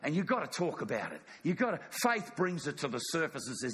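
Emphatic high-voiced preacher man. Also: very animated, brisk, a bit bright, in a large hall, a little hiss or hum. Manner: emphatic, repeats phrases, asks congregation "yes or no?". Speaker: pastor. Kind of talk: sermon. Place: church.

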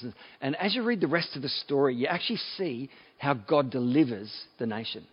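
A man's voice: medium pitch, animated, fairly quick, slightly rough, lo-fi sound. A man, a pastor, giving a conversational sermon and often restarting his phrases. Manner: conversational preaching with repeated restarts.

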